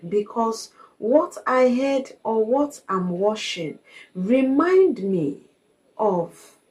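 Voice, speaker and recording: Slow, earnest woman vlogger. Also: mid-range voice, a little mellow, low-quality recording. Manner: earnest and confiding, repeats points for emphasis. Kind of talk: reflective personal monologue.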